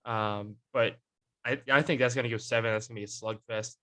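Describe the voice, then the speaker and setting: A young man with a bright, lively tone hosts a casual sports chat. He rambles along, full of fillers and restarts. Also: medium pitch, brisk. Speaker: podcast host.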